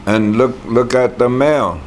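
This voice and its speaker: A man's voice: mid-range voice, normal speed, slight background noise. A man teaching a language class, patiently saying words aloud for the students to repeat.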